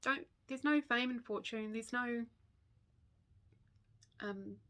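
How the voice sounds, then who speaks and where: A woman's voice: fairly high pitch, slow, a bit bright, a little hiss or hum. Rambling, chatty New Zealand woman. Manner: rambling and chatty, laughs often, goes off on tangents. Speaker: stitching vlogger. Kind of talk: casual chat to camera.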